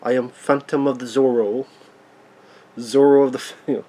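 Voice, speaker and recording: A man putting on the voice of a stiff, self-serious masked male movie hero, speaking in a flat, halting, mock-formal way. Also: medium pitch, lightly acted. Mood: mock-solemn.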